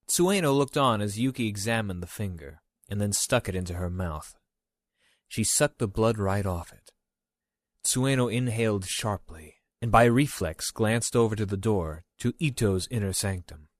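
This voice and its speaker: Low-voiced male audiobook narrator. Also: no echo. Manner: measured, even storytelling.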